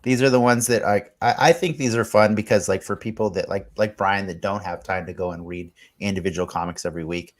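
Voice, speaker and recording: Low-voiced easygoing podcast host. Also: male voice, steady tone, brisk, hardly any pauses. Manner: easygoing, steers the rundown. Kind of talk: casual podcast chat.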